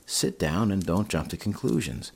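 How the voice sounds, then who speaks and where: A man voicing an older husband in a storybook reading, plain and steady in tone. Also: low-pitched, moderate pace, vocal fry, breathy edge, pitched above the performer's own voice, heavily acted. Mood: soothing. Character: older husband, stubborn then dazed.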